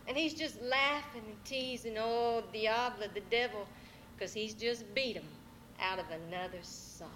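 A woman telling folk tales live to an audience in a church, animated and drawling. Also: fairly high pitch, unhurried, slight background noise. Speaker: storyteller.

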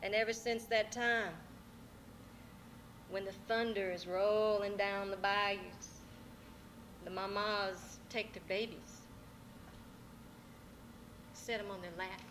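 A woman telling folk tales live to an audience in a church, animated and drawling. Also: medium pitch, slow pace, long pauses, slight background noise. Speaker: storyteller.

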